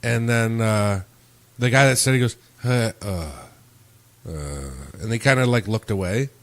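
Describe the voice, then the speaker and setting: A podcast host with a mid-range voice talks a bit fast, chatting casually and telling profane, animated stories packed with acted-out quotes.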